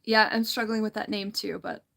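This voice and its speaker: A woman's voice: medium pitch, steady tone, moderate pace, vocal fry, bright, forceful tone. A woman hosting a casual livestream, reading viewer comments aloud in a chatty, giggly way and often restarting her sentences. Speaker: livestream host.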